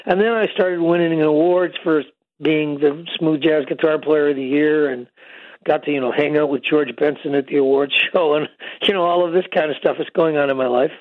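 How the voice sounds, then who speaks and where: A man's voice: a little high, fairly even intonation, moderate pace, dry recording. An older man, a guest musician, telling long rambling stories with many fillers in a casual phone interview. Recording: tinny phone line.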